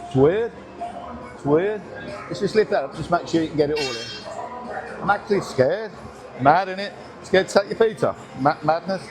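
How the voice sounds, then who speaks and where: A man's voice: a little high, expressive, moderate pace, long pauses. A man, talking casually through a workout in a gym, joking, swearing and short of breath between reps. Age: 60s. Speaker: gym vlogger. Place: busy gym with music playing. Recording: gym music in background.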